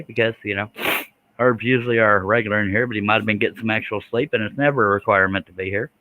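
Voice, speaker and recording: A man's voice: on the low side, steady tone, fast talker, no echo, narrow, tinny audio. A man, chatting casually with viewers while he works a scroll saw on a livestream. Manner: folksy, chatty, reads out viewer comments.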